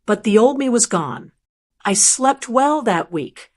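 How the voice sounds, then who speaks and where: A woman narrating a first-person family story aloud in a calm, measured, reflective way. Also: a little high.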